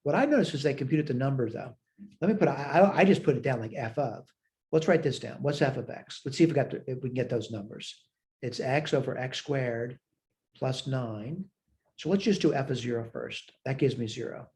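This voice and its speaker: A man's voice: mid-range voice, a little fast, darkish tone. A man teaching a recorded math lecture, talking through worked steps aloud and checking his own work as he goes. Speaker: math instructor.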